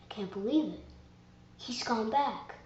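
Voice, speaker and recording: A woman's voice: fairly high pitch, a little slow, a little mellow, reverberant, highs cut off, a little hiss or hum, lightly acted. A woman voicing an earnest young lioness in a pleading manner, as a fan voice audition.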